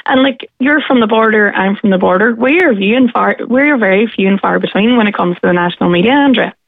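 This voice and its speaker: A woman's voice: mid-range voice, quick pace, gravelly, no echo. A woman from Derry with a Northern Irish accent, calling in to a radio show and speaking forthrightly and earnestly. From Derry, Northern Ireland. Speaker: caller. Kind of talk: radio phone-in chat. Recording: tinny phone line.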